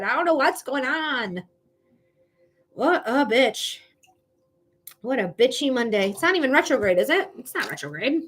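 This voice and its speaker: High-voiced chatty woman reading tarot live. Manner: chatty, casual, swears freely; laughs often, talks straight to viewers. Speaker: psychic tarot reader.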